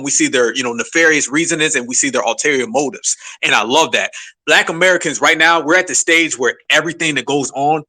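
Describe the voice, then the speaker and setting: A man's voice: fairly high pitch, sharp tone. A man in a casual audio chat, blunt and preachy, talking with animation.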